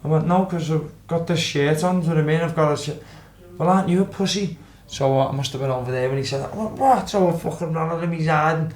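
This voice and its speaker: Here a young Scouse man, once a footballer and from Liverpool, tells stories on a podcast in a relaxed way. His voice is fairly high and steady, and he talks fast with few pauses, swearing freely and acting out the quotes. The recording is roomy, with faint ambience in the background.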